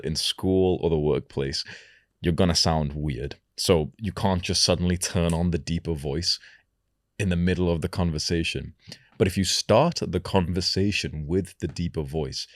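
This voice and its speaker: A young man coaching viewers, talking slowly and deliberately and lowering the end of each sentence. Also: dry recording, clean studio sound. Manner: slow, deliberate delivery with lowered sentence endings. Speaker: self-improvement coach. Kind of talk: advice talk to camera.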